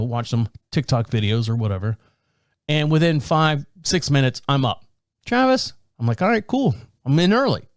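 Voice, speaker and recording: A man's voice: fairly high pitch, clean tone, no echo, studio quality. A man hosting a podcast, telling a casual story, laughing often and acting out the voices of the people in it. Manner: animated, laughs often, acts out quoted voices. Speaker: podcast host.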